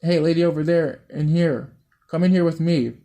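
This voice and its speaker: A man's voice: on the high side, brisk, mellow, lightly acted. A man voicing a sly little girl of about ten in a storybook reading, calling out in a teasing, beckoning way. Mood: urging.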